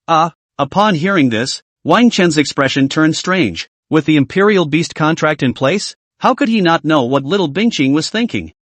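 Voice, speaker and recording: Male narrator, scripted comic recap, slightly high voice, clipped stat-reading delivery. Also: animated, normal speed, few pauses, fairly bright tone, no echo. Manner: reads out stat lists in short clipped phrases.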